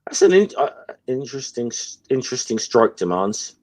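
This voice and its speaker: A man co-hosting a casual stream, reading comic dialogue aloud with halting restarts. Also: medium pitch, very animated, darkish tone. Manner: halting, reads quoted lines with many restarts. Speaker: co-host.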